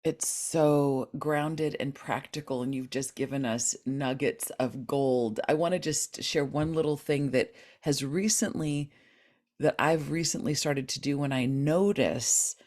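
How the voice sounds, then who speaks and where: A woman hosting a podcast interview, effusive and affirming, animated when she quotes voices. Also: extremely low pitch, unhurried. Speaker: podcast host.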